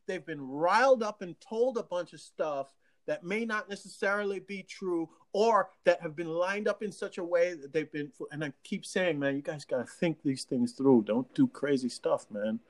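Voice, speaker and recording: A local official talking casually to residents in an animated way, laughing often and restarting sentences. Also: mid-range voice, normal speed. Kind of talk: casual livestream talk.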